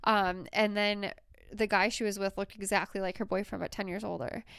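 A woman from the United States chats on a podcast in a very smooth, crisp voice, recorded close and dry. She tells stories in an animated, talkative way. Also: medium pitch, moderate pace, dry recording. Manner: chatty, animated storyteller. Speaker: podcast co-host. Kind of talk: casual chat, storytelling.

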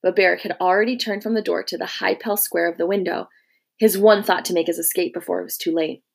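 A woman reads a novel aloud at a steady, measured pace. Her voice sits a little low. It is a calm storybook narration. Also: gravelly, breathy edge. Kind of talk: storybook reading.

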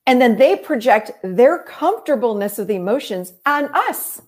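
A middle-aged woman therapist talks through her method in a relaxed interview. Her voice sits a little high, and she speaks in an animated, explanatory way, acting out other people's lines as she goes. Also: normal speed. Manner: animated, explanatory, acts out quotes. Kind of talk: conversational interview.

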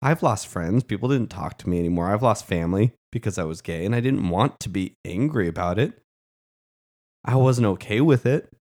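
Man, podcast co-host, earnest, impassioned, fairly low-pitched, casual chat. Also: expressive, normal speed, darkish tone.

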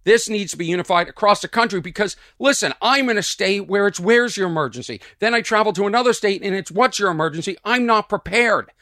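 Comic podcast host, male, high-pitched and lively, bright dry tone, early-morning rant. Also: quick pace, hardly any pauses, no echo. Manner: animated, sarcastic, mock-exasperated. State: sleepy but energized early morning. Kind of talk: solo comedy podcast rant. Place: at home early morning, birds outside.

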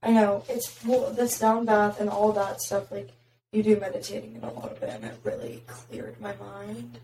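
A young woman with a raspy voice, chatting casually as a podcast host and filling her talk with "like". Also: mid-range voice, normal speed, background noise. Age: young adult. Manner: chatty, heavy filler "like". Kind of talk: casual chat. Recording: roomy, distant mic.

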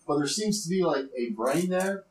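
A man's voice: on the high side, lively intonation, normal speed. A man running a tabletop game as game master, narrating loosely with hesitations and fillers. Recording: roomy room with faint noise.

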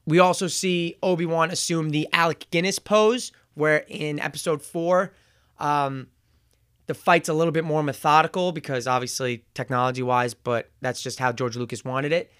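Reviewing a show casually, this man retells its scenes in a smooth, fairly high voice, peppering them with "um" and fixing his own slips. The recording is close and dry, with no echo or surrounding room sound.

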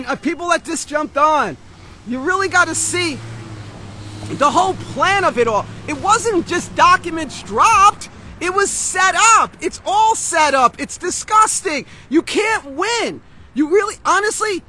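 A man's voice: very high-pitched, pushed and bright, slight background noise. A man vlogging outdoors on a city street, ranting in an agitated, rambling way with frequent swearing and restarts. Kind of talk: street vlog rant.

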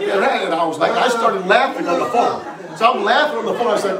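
A man preaching in an echoey room, his voice set a little higher than most men's and picked up from some distance away. He tells stories in an animated way, laughing and breaking into loud shouts. It sounds like a church sermon. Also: moderate pace, few pauses, crowd noise. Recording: echoey room, mic far from speaker.

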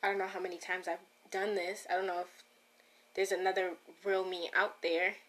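A woman's voice: lowish voice, flat delivery, moderate pace, fairly bright tone. Woman rambling on her own podcast, keeps cutting herself off, chatty, talks right to the listeners. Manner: rambling, self-interrupting, talks straight to listeners. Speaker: podcast host. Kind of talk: casual solo podcast monologue.

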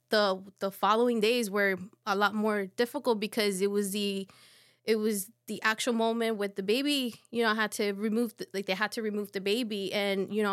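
A woman in her thirties, a podcast guest, telling a personal story in a halting, soft way with many fillers. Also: medium pitch. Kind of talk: casual conversation.

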